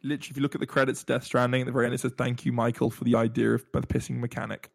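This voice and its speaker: A young man, telling animated stories with playful bragging as a podcast co-host. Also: mid-range voice, racing, vocal fry, no echo. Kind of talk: casual storytelling chat.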